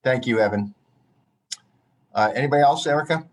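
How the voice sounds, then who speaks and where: A man's voice: mid-range voice, brisk. A man chairing an online public hearing over a video call, polite and hesitant with many fillers.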